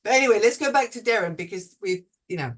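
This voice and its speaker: Casual woman hosting a panel talk, halting speech full of restarts, self-mocking laughs, middling pitch. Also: lively intonation. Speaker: host. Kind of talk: online panel discussion.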